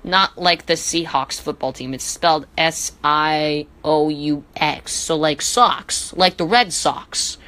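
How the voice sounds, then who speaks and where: Woman doing a jokey history podcast, bright kinda punchy voice, trips over names, pokes fun at herself. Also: deep voice, takes it slowly, hardly any pauses, poor audio. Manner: joking, self-deprecating asides. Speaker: history teacher. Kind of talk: casual educational podcast.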